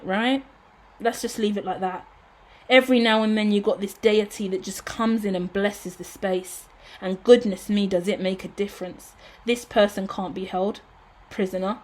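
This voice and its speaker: A woman's voice: medium pitch, darkish tone. A woman giving a tarot reading in a casual, emotional and effusive way, swearing now and then. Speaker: tarot reader.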